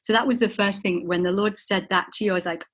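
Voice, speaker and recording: A woman's voice: medium pitch, steady tone, quick pace, a bit bright. A woman hosting a talk show, effusive and gushing as she introduces her guest and asks about her book. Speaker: show host.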